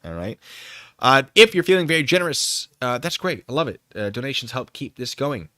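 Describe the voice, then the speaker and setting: A man hosts a casual live stream, rambling and poking fun at himself as he talks fast into his desk microphone. His voice is bright and forceful, with lively swings in pitch, recorded dry and close. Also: no echo. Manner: rambling, self-deprecating, fast-talking. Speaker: streamer host.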